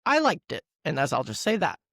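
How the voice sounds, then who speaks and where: A man's voice: a little high, wildly swooping pitch, fairly quick, gravelly, fairly bright tone, dry recording, clean studio sound. A young man hosting a casual film podcast, rambling and self-mocking. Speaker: podcast host. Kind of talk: casual chat. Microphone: remote call mic.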